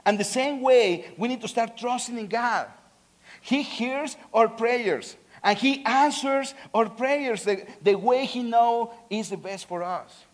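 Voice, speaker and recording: A man, swinging between loud pleading and soft earnestness, often restarting and repeating words. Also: very high-pitched, slow. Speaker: preacher. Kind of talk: sermon.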